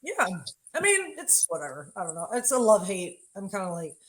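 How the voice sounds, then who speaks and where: A woman's voice: medium pitch, huge pitch swings, brisk, slight background noise. A woman guest on a podcast, chatting casually with playful, teasing jokes. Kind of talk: casual chat.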